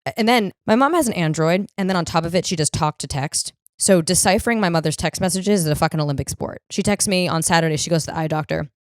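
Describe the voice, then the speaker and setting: A woman's voice: lowish voice, fast talker, no room sound, clean studio sound. Blunt, profane young woman podcaster. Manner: blunt, profane, self-mocking storytelling. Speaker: podcast host. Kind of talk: comedic solo podcast monologue.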